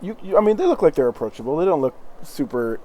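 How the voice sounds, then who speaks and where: A man's voice: fairly high pitch, sing-song, fast, mellow, rough recording. A man narrating as game master, laughing often and slipping into voices for tavern folk.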